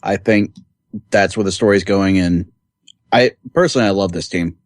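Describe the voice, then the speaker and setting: Very low-voiced man on a podcast. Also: moderate pace, no room sound, studio quality. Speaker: podcast panelist. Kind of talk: casual podcast chat.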